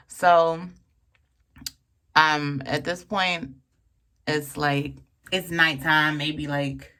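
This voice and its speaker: A young woman telling a personal story in a casual vlog, frank and profane, full of fillers and lively asides. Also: deep voice, takes it slowly, long pauses. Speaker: vlogger telling a birth story.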